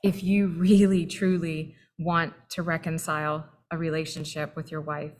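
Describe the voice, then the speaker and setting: A woman's voice: sits low, level tone, moderate pace. A woman co-hosting a faith-based talk, supportive and earnest as she speaks straight to listeners. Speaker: webinar co-host. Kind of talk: candid faith-based conversation.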